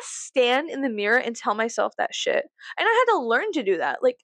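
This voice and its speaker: A woman's voice: very animated, a little fast, hardly any pauses, no echo. A woman venting in a casual, profane, rambling rant to her viewers. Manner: profane, rambling, self-mocking; swings between low musing and loud high exclamations. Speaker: vlogger.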